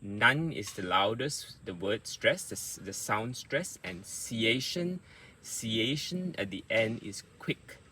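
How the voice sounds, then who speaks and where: An Australian English coach gives a patient pronunciation lesson, saying words slowly to bring out their stress. His voice runs low, expressive and sharp, over slight background noise.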